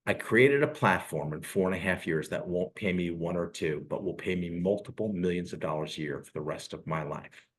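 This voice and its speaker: A man in his sixties, a real estate recruiter giving a sales presentation on a live call, telling his story earnestly with emotional pauses. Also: low voice, a bit bright. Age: 60s.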